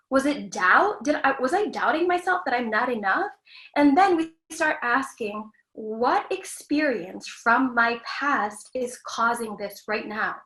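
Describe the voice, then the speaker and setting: A woman's voice: high-pitched, fairly bright tone, roomy sound, poor audio. A woman actress speaking as a guest, giving frank, earnest self-help advice in a casual, lightly profane way. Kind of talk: candid self-help talk.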